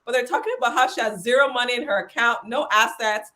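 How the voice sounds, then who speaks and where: Excited woman with a raised voice. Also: on the high side, fast talker. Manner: excited, laughing, trails off. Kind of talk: casual chat.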